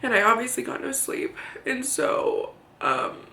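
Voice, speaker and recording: A young woman vlogging, telling a personal story to the camera in a candid, halting way, swearing now and then and close to tears. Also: on the high side, very animated, pushed and bright. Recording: roomy echo.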